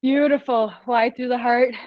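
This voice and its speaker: A woman's voice: fairly high pitch, fairly even intonation, moderate pace, no room sound, highs cut off. A woman leading a live online fitness class, cheering people on, counting down reps and often laughing. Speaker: fitness instructor. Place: small studio room.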